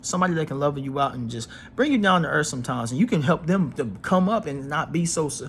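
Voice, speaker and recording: A man's voice: on the high side, lively intonation, fast talker, vocal fry, slight background noise. A man giving a casual astrology reading to his viewers in an emphatic, preachy way. He repeats phrases and uses slang. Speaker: astrology reader.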